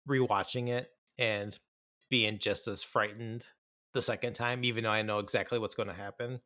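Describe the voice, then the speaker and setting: Bright-voiced man chatting about films. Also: fairly low pitch, fairly even intonation, moderate pace, no echo, clean studio sound. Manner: rambling, enthusiastic, many fillers and restarts. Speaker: podcast co-host. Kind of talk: casual film chat.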